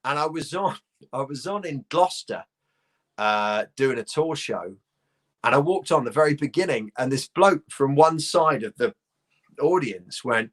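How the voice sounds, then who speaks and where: Speaking unhurriedly in a mid-range voice, a middle-aged London comedian with a posh southern English accent guests on a casual chat. He tells lively stories, swearing freely and laughing throughout.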